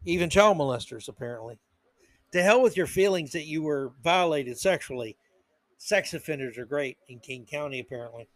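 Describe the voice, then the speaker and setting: A male podcast host with a notably high voice rants through an indignant commentary monologue. He hammers his points with repeated words. The sound is close and dry, with no room echo. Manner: indignant ranting with emphatic repetition.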